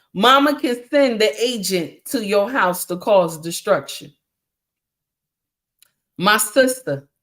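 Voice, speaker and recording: A woman hosting a casual livestream on relationships, speaking in an animated, preachy way, often calling listeners honey and answering chat comments. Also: mid-range voice. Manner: reacts to chat comments while talking. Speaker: livestream relationship advice host.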